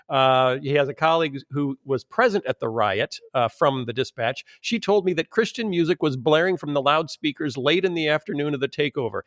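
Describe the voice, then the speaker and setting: A man's voice: fairly high pitch, animated, brisk, few pauses, fairly bright tone, dry recording, clean studio sound. A man hosting a casual podcast panel, teasing his co-hosts with a wry humor and reading quoted passages aloud with emphasis. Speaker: podcast host.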